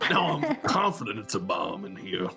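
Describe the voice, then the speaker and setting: A man's voice: sits low, moderate pace. Guy player in a tabletop game, super bouncy intonation, jokey, music faint. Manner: lively, joking. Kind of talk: casual tabletop play.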